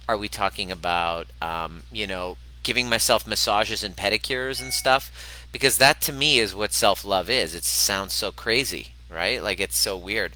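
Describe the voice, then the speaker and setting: A man with a fairly low voice talks on a casual livestream. His tone is sharp and forceful, and he speaks candidly, swears freely and repeats himself for emphasis. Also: normal speed, poor audio. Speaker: host of a livestream on self-love and healing.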